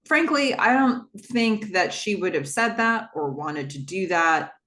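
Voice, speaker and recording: A woman's voice: animated, pushed and bright. Chatty woman recapping a TV scene. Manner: acts out quoted lines with a quick shift of pitch; chatty, with fillers and self-corrections. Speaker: podcast host recapping a TV episode. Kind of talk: casual recap narration.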